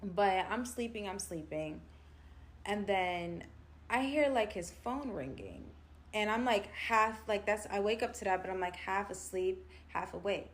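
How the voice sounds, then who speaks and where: A young woman spins a personal storytime for her audience in a loose, chatty flow. She talks to viewers directly, full of fillers and animated turns, at an ordinary mid pitch for a woman. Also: unhurried. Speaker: storytelling vlogger. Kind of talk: casual storytime narration.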